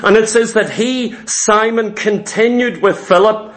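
Guy preaching a sermon, pretty high voice, fired up and punchy. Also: unhurried. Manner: fervent, emphatic, retelling scripture with vivid asides.

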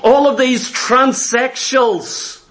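A man's voice: very high voice, steady tone, drawn-out words, a bit bright. A man preaching a fervent, emphatic sermon that repeats phrases for stress.

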